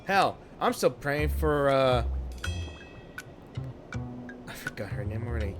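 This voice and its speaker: A man's voice: mid-range voice, lively intonation, slow, long pauses. A man casually commenting on a video game he plays, rambling with chuckling asides, on a headset mic. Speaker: gaming streamer. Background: game music.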